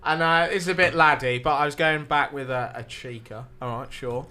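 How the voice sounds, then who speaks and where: A man's voice: fairly high pitch, normal speed, pushed and bright, clear, resonant tone. A man, a podcast guest telling a rambling night-out story with swearing and laughter. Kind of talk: casual storytelling.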